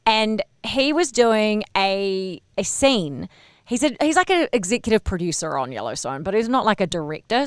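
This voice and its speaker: Gossipy, animated woman podcaster. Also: mid-range voice, clean tone, dry recording, clean studio sound. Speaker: podcast host. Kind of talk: casual pop-culture podcast chat.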